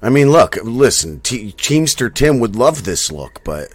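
A man's voice: medium pitch, sing-song, normal speed, no echo. Profane needling man, dry close sound. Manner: needling, profane, rambling storyteller. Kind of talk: crude casual banter.

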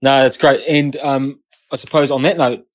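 A male interviewer builds his questions slowly and hesitantly, with many fillers. His voice is mid-pitched. The sound is dry and close, with no room echo. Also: fairly even intonation.

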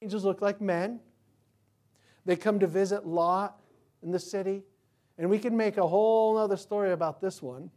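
Male pastor delivering a sermon; emphatic preacher, animated, fond of rhetorical questions. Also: sits high, moderate pace, long pauses. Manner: animated, swinging from loud to quiet.

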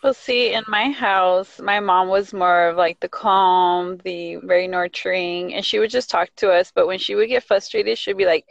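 A woman's voice: medium pitch, fairly even intonation, normal speed, dry recording, muffled recording. A woman chatting casually, recounting childhood stories and switching between English and Spanish. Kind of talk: casual chat.

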